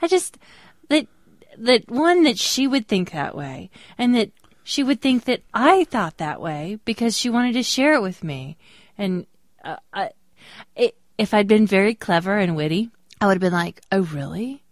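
A woman's voice: medium pitch, sing-song, moderate pace, no room sound, studio quality. A woman co-hosting a podcast, chatting expressively and teasing her co-host. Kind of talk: casual chat.

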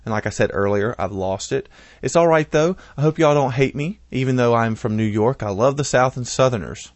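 A man's voice: medium pitch, a little fast, dry recording. Guy cohosting a podcast, reads listener comments, jokes around a lot, dry close sound. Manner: joking, laughs often. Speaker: podcast co-host. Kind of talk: casual chat, reading listener feedback.

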